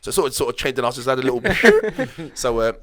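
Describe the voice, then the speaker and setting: A very animated, fast man's voice at medium pitch, a bit bright, carries this clip. He's a former footballer in his late thirties guesting on a podcast, casually spinning rambling anecdotes with restarts and acted-out quoted dialogue.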